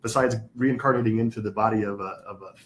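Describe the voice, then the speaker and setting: A man's voice: on the low side, quick pace, slight background noise. A man teaching a spiritual class, patiently explaining terms, spelling words out and asking the class questions.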